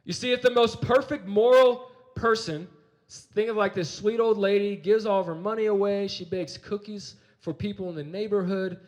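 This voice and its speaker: A man's voice: high-pitched, fairly even intonation, normal speed. A young adult man giving a youth sermon, telling a personal story with energy and often repeating his words. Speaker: campus ministry speaker.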